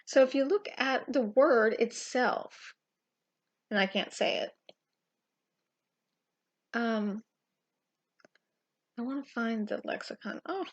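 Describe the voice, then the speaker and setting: A woman giving an informal, impassioned Bible teaching, emphatic and full of pauses and restarts. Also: on the high side, lo-fi sound. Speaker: Christian teacher.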